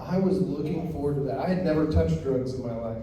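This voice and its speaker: High-voiced comic, echoey club. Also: male voice. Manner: deadpan storytelling with quick acted quotes. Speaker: stand-up comedian. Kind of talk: stand-up comedy set. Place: comedy club stage. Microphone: handheld stage mic. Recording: echoey club from far off, crowd. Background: audience laughing.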